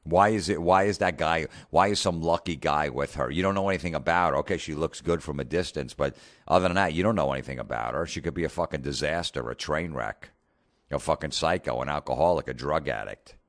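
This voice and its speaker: Casting: middle-aged man from New Jersey, rumbling low voice, dry close sound, profane mocking comedy rant. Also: fairly quick, no echo. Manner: sarcastic, mocking, swears constantly. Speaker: comedian podcast host.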